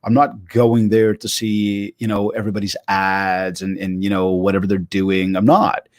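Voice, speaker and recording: A man's voice: fairly low pitch, moderate pace, dry recording, studio quality. A man on a video call, telling stories with energy and acting out the quotes in his anecdotes. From Canada. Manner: animated storyteller, acts out quotes. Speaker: keynote speaker guest. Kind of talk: casual interview chat.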